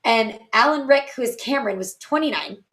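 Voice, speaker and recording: A woman's voice: a little high, animated, fairly quick, a bit bright. A young woman co-hosting a podcast, chatting casually and adding movie trivia. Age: young adult. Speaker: podcast co-host. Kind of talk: casual chat.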